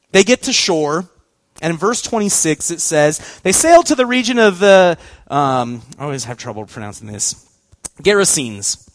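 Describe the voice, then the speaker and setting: A man giving a storytelling sermon as a youth pastor, animated and acting out voices, laughing often. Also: high voice, dry recording.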